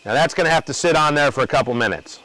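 A man's voice: fairly high pitch, expressive, very fast, pushed and bright, poor audio. A man hosting an outdoor cooking demo at a grill, talking loosely and joking with his crew and the viewers. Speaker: cooking show host.

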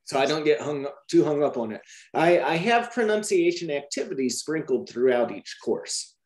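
A man's voice: fairly high pitch, moderate pace, reverberant. A man explaining teaching methods to trainee teachers in a Q&A, often checking with "right?". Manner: lively, repeats "right?" to check understanding.

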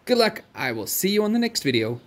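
A man teaching a phonics lesson to young children, reading each word slowly and clearly and encouraging them. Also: high-pitched, sing-song, fairly bright tone. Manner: slow, clearly enunciated word-by-word reading with repetition; encouraging, addresses children directly.

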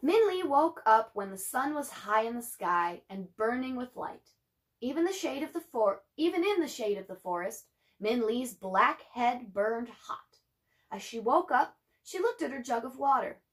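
A woman teacher reads a children's novel aloud with lively expression, her voice sitting a little high. She breaks off now and then for chatty asides to her students. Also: a little slow.

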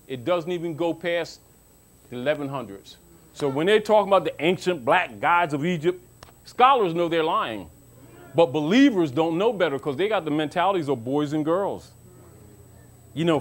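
High-voiced man lecturing, preachy. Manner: preachy, rhetorical questions, mocking asides; calls listeners baby. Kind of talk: informal lecture to an audience.

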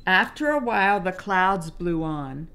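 A preschool teacher reading a picture book aloud to young children, gently pointing out the pages. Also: female voice, fairly low pitch, lively intonation, a little slow. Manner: gentle, explaining pages to little ones.

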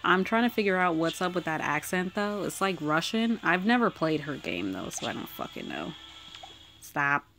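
A woman giving casual commentary while pulling characters in a mobile game, excitable and swearing freely, swinging from squeals to mutters. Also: fairly low pitch, normal speed, faint music behind. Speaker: mobile game summoning vlogger.

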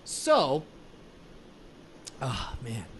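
A man's voice: medium pitch, huge pitch swings, very slow, slight background noise. Rambling joking male web show host. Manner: rambling, joking, laughs often. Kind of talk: casual live web show chat.

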